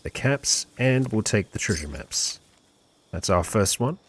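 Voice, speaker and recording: A man's voice: fairly low pitch, animated, unhurried, slight background noise. A man streaming a game live, commentating and cheering on his companion.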